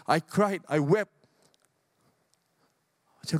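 An older man from Singapore with a Singaporean English accent, preaching a sermon as a pastor. He moves between loud exhortation and soft, low asides. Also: expressive, measured pace, long pauses, no echo, clean studio sound.

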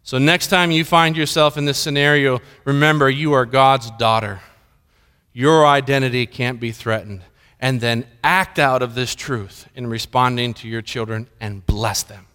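A man's voice: mid-range voice, steady tone, measured pace, sharp tone, clear, resonant tone. A middle-aged man preaching a sermon, telling stories and acting out the dialogue in them. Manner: storytelling, acts out dialogue in anecdotes. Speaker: pastor. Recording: reverberant hall.

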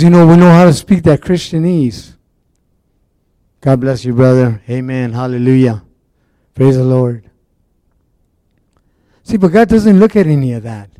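Mellow-voiced man preaching casually. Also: a little high, no echo, clean studio sound. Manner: loose storytelling with many fillers and restarts. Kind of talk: casual conversational sermon.

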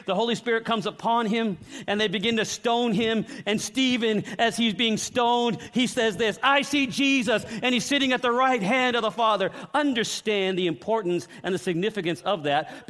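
High-voiced preacher, middle-aged man. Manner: dramatic storytelling with acted-out voices and shouts. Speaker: pastor. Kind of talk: sermon.

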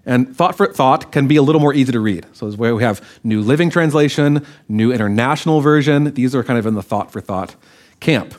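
A man's voice: mid-range voice, a little fast. A man preaching a Bible-study sermon in a conversational way, often checking in with his listeners. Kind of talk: sermon-style Bible teaching.

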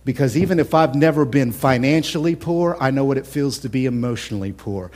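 A man preaching a sermon as pastor, impassioned, swinging between loud, emphatic lines and hushed whispers. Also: mid-range voice, a little fast. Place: church.

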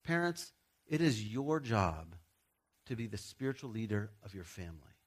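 A man's voice: on the low side, very animated, moderate pace. A middle-aged man preaching a sermon as a pastor, speaking directly and emphatically to his listeners, with joking asides.

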